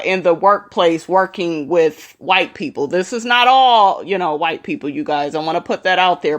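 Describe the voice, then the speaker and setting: A young adult woman giving casual commentary to her viewers, blunt and outspoken, often addressing them directly. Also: fairly low pitch. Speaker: commentary vlogger.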